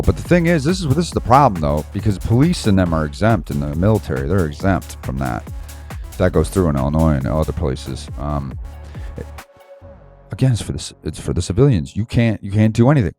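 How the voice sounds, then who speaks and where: Deep-voiced man ranting heatedly. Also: warm tone. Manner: heated, rambling, slangy, laughs to himself. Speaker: Bible study host. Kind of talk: casual ranting commentary.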